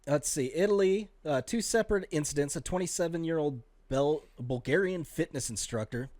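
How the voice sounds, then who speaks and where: A man's voice: on the high side, normal speed, a little mellow, no room sound. A man co-hosting a casual comedy podcast, reading odd news stories aloud and riffing on them with jokes. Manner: joking, reads news items aloud with asides. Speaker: podcast co-host.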